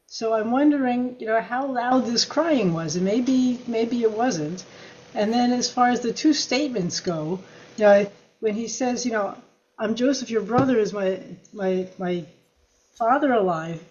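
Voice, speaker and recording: A woman in a study class sharing a musing comment, speaking slowly in a fairly high voice. Her voice sounds dull and muffled, as if picked up from a distance. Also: darkish tone, a little hiss or hum. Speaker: class participant. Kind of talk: discussion comment.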